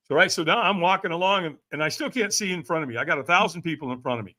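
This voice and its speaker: A man's voice: sits high, very animated, fast talker, bright, forceful tone. A middle-aged man telling a personal story as a podcast guest, acting out the other voices with big swings. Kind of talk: animated storytelling.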